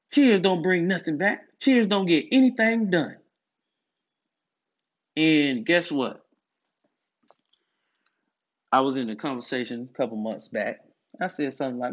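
A man's voice: a little high, expressive, a little slow, pauses often, fairly bright tone. A man delivering a monologue about masculinity, emphatic and preachy, often repeating his points. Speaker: commentator on masculinity. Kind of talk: direct-to-camera monologue. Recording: dull lo-fi audio.

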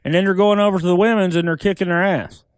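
A blunt, opinionated man guesting on a casual podcast, swearing freely. His voice sits somewhat high for a man and comes through smooth and resonant. The sound is dry and close, with no room around it. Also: fairly even intonation, quick pace, dry recording. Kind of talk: casual chat.

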